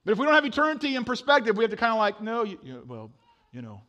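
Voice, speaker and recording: A middle-aged man preaching a sermon, telling a funny story with animated swings from loud to hushed. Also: high voice, very fast. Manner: animated storytelling, sudden drops to a hush. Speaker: pastor.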